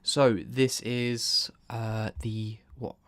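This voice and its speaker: On a casual live stream, the male host draws out his words in a level, medium-pitched voice with no room sound. He rambles, cuts himself off mid-sentence, and laughs a lot.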